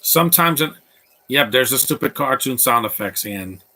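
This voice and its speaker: A man with a bright, forceful voice talks over a movie as it plays, tossing out blunt opinions and rambling asides. His pitch sits in an ordinary middle range for a man. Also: animated, normal speed. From Latino background. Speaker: movie commentator. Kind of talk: live movie commentary.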